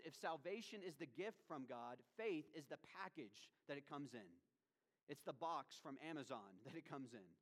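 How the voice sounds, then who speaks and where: Fairly high-voiced preacher in an echoing hall. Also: male voice. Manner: emphatic, swinging between ringing declarations and hushed lines. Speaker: pastor. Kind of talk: sermon. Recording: long reverb of a large hall.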